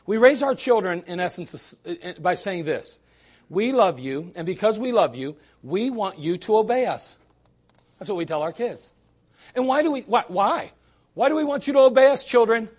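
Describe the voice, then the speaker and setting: A man preaching a sermon at a church service, emphatic and full of rhetorical questions and sarcastic asides. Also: very high voice. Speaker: pastor.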